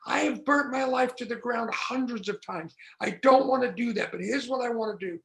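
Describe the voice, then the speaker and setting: A very high, gravelly, fairly bright male voice speaks at normal speed in an echoey space. He gives a candid, self-deprecating account at a recovery meeting, using rhythmic repetition and dramatizing the voices in his head and the dialogue.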